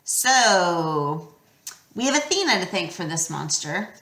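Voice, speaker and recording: A woman's voice: on the low side, very animated, slow, a bit bright, heavily acted. A woman voicing a shaken, blunt teenage boy hero in a storybook reading, in a roomy-sounding recording. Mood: irritated. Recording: roomy echo.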